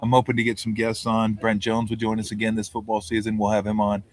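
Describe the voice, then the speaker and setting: A man's voice: on the low side, monotone, fast, slight background noise. A man hosting a sports podcast and chatting casually with friends, telling loose, profane stories and often laughing. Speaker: podcast host. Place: vacation house with friends in Tahoe.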